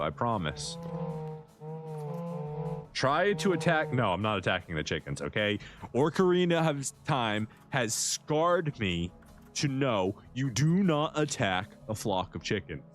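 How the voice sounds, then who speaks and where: Streamer: a teasing, chatty man with a lower voice and animated pitch, faint background music. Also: unhurried. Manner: joking, chatty, teasing the characters. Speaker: livestreaming gamer. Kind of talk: live gameplay commentary.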